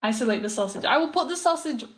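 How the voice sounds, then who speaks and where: A woman with a fairly high voice chats her way through a cooking stream, rambling and giggling as she talks to her viewers. She wanders around the kitchen, so a phone mic catches her in an echoey room, sometimes from a little farther off. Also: animated, fast talker. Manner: chatty, giggly, rambling asides to chat. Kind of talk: casual live-stream chat while cooking. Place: home kitchen. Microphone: phone mic, moving around away from it.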